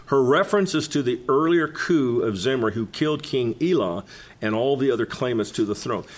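A man co-hosting a casual Bible study conversation, talking in an animated, chatty way and often laughing. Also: mid-range voice, normal speed. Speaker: co-host of a Bible study talk.

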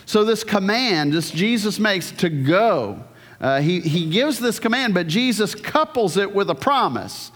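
High-voiced preacher guy, earnest, asks the crowd stuff, big echoey church hall. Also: animated, a little slow, fairly bright tone. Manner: earnest, asks the congregation questions, frequent restarts. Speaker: pastor. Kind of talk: sermon. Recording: long hall reverb.

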